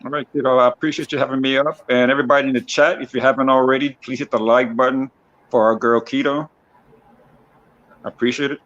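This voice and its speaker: A man's voice: mid-range voice, fairly even intonation, quick pace, fairly bright tone. A man joining a livestream as a guest, talking bluntly and emphatically, with many restarts. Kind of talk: casual livestream chat. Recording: dull lo-fi call audio.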